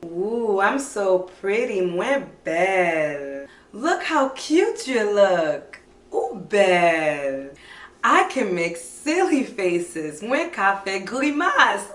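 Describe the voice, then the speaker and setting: A woman teaching toddlers as a preschool teacher, slow, sing-song and animated, with coaxing questions. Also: mid-range voice, roomy sound, far from the mic.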